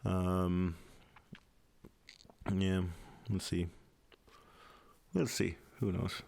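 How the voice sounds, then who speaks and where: Irish man, young adult, lowish voice, dry close sound, rambling, sweary, mumbled fillers. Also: little pitch movement, extremely slow, creaky, a little mellow, dry recording. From Ireland. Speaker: podcast host. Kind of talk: casual rambling monologue. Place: home apartment.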